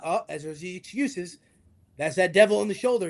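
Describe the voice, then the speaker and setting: A man's voice: high voice, lively intonation, a little fast. A man, a fitness coach, talking in an interview with motivational energy and acting out the voices of the people he quotes. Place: video call interview.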